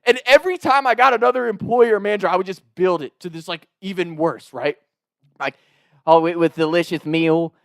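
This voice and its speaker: A young-sounding man spins a comedic story in a loose, rambling way, full of swearing and fillers. His voice sits a bit high for a man. The sound is dry and close. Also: a little fast, vocal fry, no room sound. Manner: profane, rambling, excitable.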